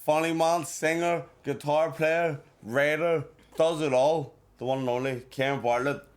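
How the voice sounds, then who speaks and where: A man hosting a casual chat show, upbeat and quick to hype his guest. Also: fairly high pitch, steady tone. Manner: upbeat, hyping. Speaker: host.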